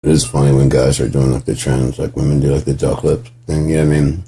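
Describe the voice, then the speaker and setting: A man with a low, dark voice talks gently and at length, drifting from one thought to the next. His tone is husky, and he swears freely and breaks into chuckles often. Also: level tone, fast talker. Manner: rambling, profane, chuckles often. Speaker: vlogger. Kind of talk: gentle casual monologue.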